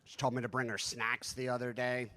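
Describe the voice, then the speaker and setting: A man in his thirties performing stand-up, spinning stories about home life in a loose, conversational way. He swears freely and pokes fun at himself. His voice sits at an ordinary middle pitch. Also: level tone, fairly quick, pushed and bright. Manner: profane, conversational, self-deprecating. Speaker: stand-up comedian. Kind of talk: stand-up storytelling.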